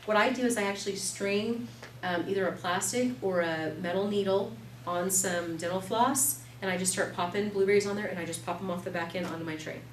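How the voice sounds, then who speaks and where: A woman in her thirties teaching an evening class, chatty and animated, telling stories with quick laughs. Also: medium pitch. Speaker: class instructor. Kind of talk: live classroom demonstration. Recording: echoey room, distant mic, faint noise.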